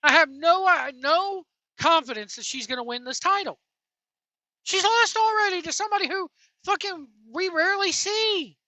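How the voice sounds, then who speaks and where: High, bright-voiced woman ranting sarcastically. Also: normal speed, dry recording. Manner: profane, mocking, sarcastic. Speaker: wrestling commentary vlogger. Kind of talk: ranting reaction commentary while driving. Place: in a vehicle.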